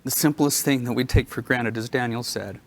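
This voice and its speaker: A man at a convention speaks off the cuff, his voice at an ordinary middle pitch. He is emotional and halting, leaning on ums and uhs as he gathers his thoughts. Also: fairly even intonation. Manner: emotional, halting, hesitant fillers. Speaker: creative director. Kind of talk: impromptu stage remarks. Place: convention stage.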